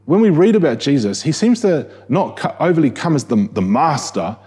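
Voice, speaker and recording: Preaching a sermon, a man with a New Zealand accent talks in a relaxed, conversational style, restarting phrases and putting questions to the congregation. His warm, mellow voice has a slight huskiness, sits on the high side, and moves at normal speed.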